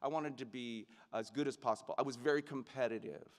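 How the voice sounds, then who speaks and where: A man's voice: medium pitch, fast talker. A middle-aged man, an actor, giving a heartfelt and reflective commencement speech. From United States. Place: large ceremony venue. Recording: long reverb of a large venue.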